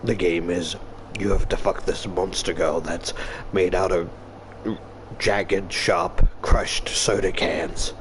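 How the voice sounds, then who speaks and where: Creepy deep villain voice, slow and menacing, sets up sick games. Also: male voice, steady tone, slight background noise. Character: sinister low male game-master villain.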